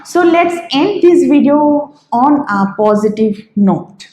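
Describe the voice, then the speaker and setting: A woman hosting an English vocabulary lesson, listing words one by one in a slow, deliberate way. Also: high-pitched, lively intonation, a little mellow, echoey room, low-quality recording. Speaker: English teacher, channel host.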